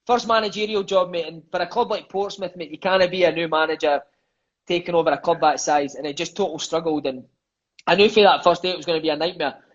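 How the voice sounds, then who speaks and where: On lo-fi audio, a Scottish ex-footballer in his thirties talks fast in a slightly high voice. As a guest on a podcast, he spins casual stories, curses, and keeps saying "mate" and "aye."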